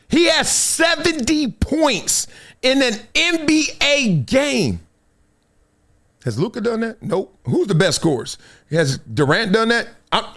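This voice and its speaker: Animated male sports talk host. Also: very high-pitched. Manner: emphatic, talks straight to viewers, acts out other people's lines. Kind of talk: animated live sports commentary.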